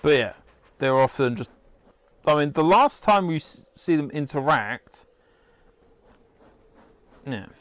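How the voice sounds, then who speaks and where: A man's voice: a little high, animated, unhurried, pauses often, fairly bright tone, no echo. A man giving rambling, casual commentary while playing a game, swearing now and then. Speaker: gamer.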